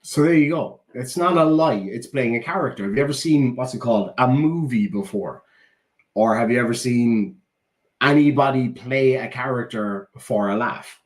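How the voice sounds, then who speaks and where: A man in his thirties rants casually, sarcastic and indignant as he defends his comedy against a critic. His voice sits at an ordinary middle pitch. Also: moderate pace. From Ireland. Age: 30s. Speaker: YouTuber reacting to a critic. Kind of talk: casual rant.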